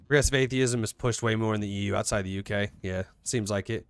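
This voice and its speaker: A man's voice: on the low side, fast talker, few pauses, smooth. A man giving casual, joking commentary while playing a video game, rambling and laughing often. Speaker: streamer.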